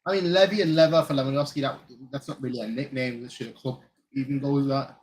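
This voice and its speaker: A man's voice: medium pitch, fairly even intonation, fast talker, low-quality recording. A man from Germany hosting a fan channel, chatting casually during a live match watchalong, rambling and repeating himself with lots of "like". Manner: rambling, repeats phrases, frequent "like". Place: lives in Manchester.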